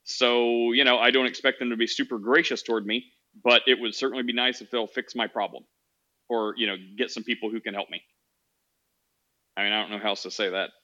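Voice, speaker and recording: A man's voice: mid-range voice, steady tone, fairly quick, pushed and bright, muffled recording. A man hosting a casual call-in podcast, talking in a rambling way with many fillers and restarts. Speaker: podcast host.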